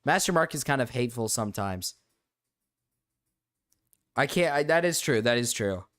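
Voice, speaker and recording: A man's voice: medium pitch, expressive, moderate pace, fairly bright tone, no echo, clean studio sound. A man streaming live, chatting loosely with his viewers, joking and swearing casually as he reads the chat.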